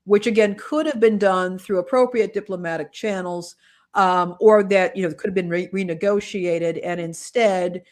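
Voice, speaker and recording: A woman's voice: medium pitch, fairly even intonation, normal speed, a little mellow. Earnest woman podcast co-host. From United States. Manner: earnest and impassioned, thinking aloud with many restarts. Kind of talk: casual political commentary.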